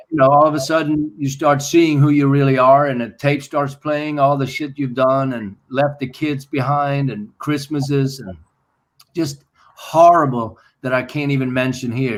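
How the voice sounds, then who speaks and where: A man's voice: medium pitch, rough recording. A man on a video call, telling a candid, emotional personal story and quoting others as he goes. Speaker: guest musician.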